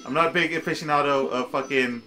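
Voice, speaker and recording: A man's voice: a little high, fast, sharp tone, faint music behind. A man chatting casually and reacting with squirmy protests to a story being read to him. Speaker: co-host reacting. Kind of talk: casual chat.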